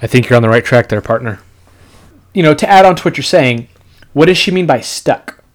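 A man's voice: medium pitch, expressive, fairly quick. A man hosting a casual political podcast, sarcastic and rambling, full of "you know" fillers. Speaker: podcast host.

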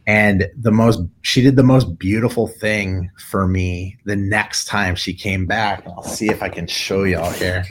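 A man's voice: low voice, a little slow, hardly any pauses, a little hiss or hum. A middle-aged man, a tattoo artist, telling a personal story in casual conversation and acting out what others said. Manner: animated storyteller, acts out quoted voices.

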